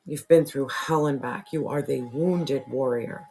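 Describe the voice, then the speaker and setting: A tarot reader losing their voice, who keeps clearing their throat and talks earnestly and repetitively straight to the viewer. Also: medium pitch, a little slow, a little mellow, slight background noise. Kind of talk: casual spiritual tarot reading to camera.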